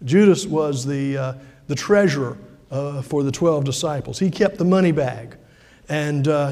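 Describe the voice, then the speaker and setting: A man's voice: on the high side, animated, normal speed, dark tone, long reverb tail. A man preaching a sermon as pastor, talking conversationally with frequent fillers and restarts.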